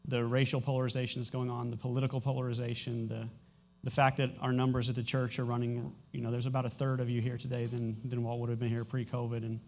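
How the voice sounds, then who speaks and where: A middle-aged man, a pastor, speaking candidly to his congregation in a church, halting and emotional, with frequent restarts. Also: medium pitch, monotone, creaky, a little mellow. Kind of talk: sermon announcements and personal testimony. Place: church sanctuary.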